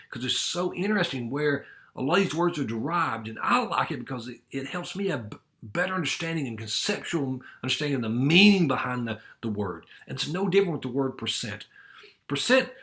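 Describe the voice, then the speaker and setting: A man's voice: mid-range voice, a bit bright. A middle-aged man, teaching a recorded math lesson in a friendly, explanatory way. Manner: friendly explanatory, curious about word origins.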